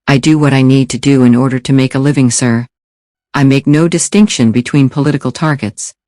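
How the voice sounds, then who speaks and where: A man's voice: medium pitch, steady tone, a little fast, a little mellow, dry recording, clean studio sound, natural voice. A man voicing a cold, polite male assassin with an English accent, slightly nasal, formal and fearless. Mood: cool. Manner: formal, fearless, says "sir".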